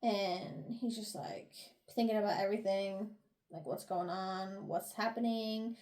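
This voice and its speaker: A woman co-hosting a book review podcast, recapping chapters in animated casual chat, swearing and laughing along. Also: medium pitch, measured pace.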